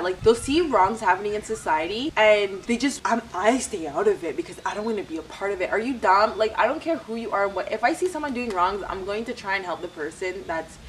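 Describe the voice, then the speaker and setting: A young woman telling chatty, animated stories as a vlogger. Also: medium pitch, distant mic, a little hiss or hum, low-quality recording. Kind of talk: casual storytime.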